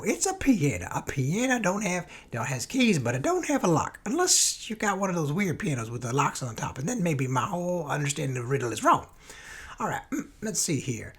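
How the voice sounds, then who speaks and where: A man playing a folksy Southern man with a Southern US accent, who answers silly interview questions in a rambling, goofy way with a husky voice. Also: full character voice. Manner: rambling, goofy, sudden jumps in pitch. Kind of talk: comedic mock interview.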